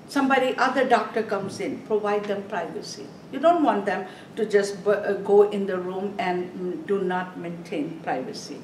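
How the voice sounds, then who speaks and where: Woman nursing instructor, higher voice, emphatic with non-native grammar, recorded far off in a roomy space. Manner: emphatic, repeats "Are we clear?". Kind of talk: classroom lecture. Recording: echoey room, voice from far off, faint background noise.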